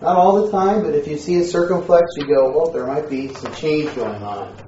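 A man teaching a Greek class in a relaxed, joking lecture style. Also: fairly high pitch, moderate pace, slight background noise. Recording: echoey room, dull lo-fi sound.

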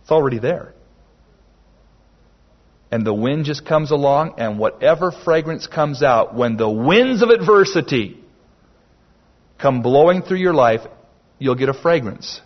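A man preaching a sermon slowly and emphatically, with dramatic pauses. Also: medium pitch, lively intonation. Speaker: pastor. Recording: dull lo-fi sermon recording.

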